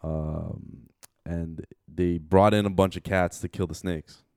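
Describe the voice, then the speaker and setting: A man's voice: sits low, fairly even intonation, takes it slowly, mellow, smooth, no echo, studio quality. A young man chatting casually about animals, laid-back and slangy, often restarting his sentences. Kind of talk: casual chat.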